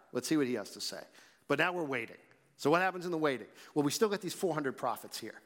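A man preaching a sermon, reading scripture slowly and then explaining it in a conversational way. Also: a little high, a bit bright. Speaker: pastor. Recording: long reverb in a large hall.

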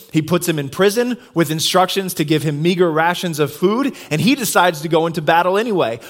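A male pastor giving a sermon, retelling a story in a conversational, animated way. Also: high voice.

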